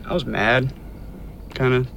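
A man's voice: medium pitch, fairly even intonation, a little slow, creaky, fairly bright tone, dull audio, slight background noise. A young man talking bluntly in an interview, casual and swearing, often trailing off. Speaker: interviewee, son.

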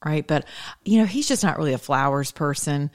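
A woman's voice: deep voice, animated, brisk. A woman giving a rambling, chatty faith talk, laughing often. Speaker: faith vlogger.

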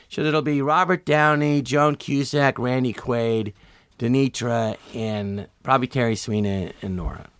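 Older man, animated storyteller, acts out quotes, bright forceful tone, dry studio sound. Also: medium pitch, no echo. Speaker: guest. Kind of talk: casual storytelling.

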